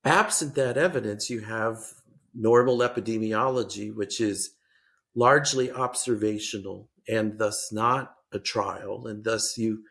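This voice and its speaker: Gravelly low-voiced older man, hesitant. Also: fairly bright tone. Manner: measured, hesitant, many restarts. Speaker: guest policy expert. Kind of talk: podcast interview.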